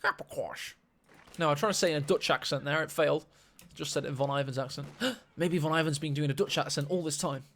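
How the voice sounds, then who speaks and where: Excitable esports caster, higher voice. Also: male voice, fast talker, few pauses, slight background noise. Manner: excitable, gasps at big plays. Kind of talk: live game commentary.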